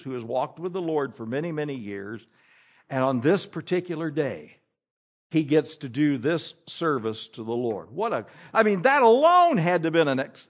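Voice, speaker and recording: A male pastor preaching a sermon, telling the story in an animated, humorous way. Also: a little high.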